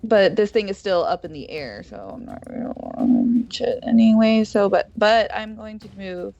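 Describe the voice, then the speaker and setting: A woman's voice: mid-range voice, lively intonation, normal speed, gravelly, dark tone, faint music behind. A woman playing a tabletop game, chatting, laughing and thinking aloud about the rules. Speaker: player. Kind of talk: casual play at a gaming table. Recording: dull lo-fi sound.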